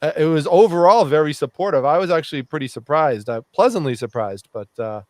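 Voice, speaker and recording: A man's voice: on the high side, expressive, fairly quick, no echo. A man who is a reselling YouTuber, telling a story on a live chat show in a reflective way, with frequent fillers. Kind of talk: casual storytelling.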